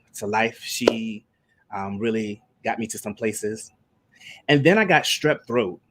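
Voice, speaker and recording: A man's voice: lowish voice, fairly bright tone. A man who sings gospel and leads worship, chatting casually on a live stream and telling stories in a meandering way with many restarts. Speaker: gospel singer and worship leader.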